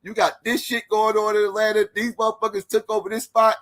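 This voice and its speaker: A man putting on a high, rowdy ranting guy. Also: little pitch movement, brisk, fairly bright tone. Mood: exasperated ranting. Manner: profane, worked-up, breaking into laughter.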